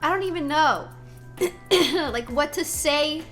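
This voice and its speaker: A woman's voice: sits high, takes it slowly, fairly bright tone, soft background music. A woman streamer chatting with her viewers, giggly and effusive, exclaiming often. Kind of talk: live-stream chat with viewers.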